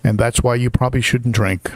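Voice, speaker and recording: Chatty low-voiced older man, dry sound. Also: no room sound. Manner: chatty, many fillers and restarts, greets viewers. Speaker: live stream host. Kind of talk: casual live stream chat.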